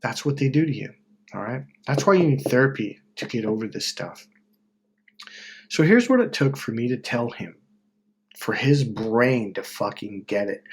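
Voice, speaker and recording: A middle-aged man hosting a self-help video in a casual, blunt monologue, swearing freely and breaking into loud mocking voices when he quotes people. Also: medium pitch, slightly rough.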